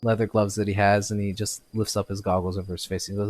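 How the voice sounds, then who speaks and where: Low-voiced man running a tabletop game. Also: level tone, darkish tone, dry recording. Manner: halting, full of fillers and restarts. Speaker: game master.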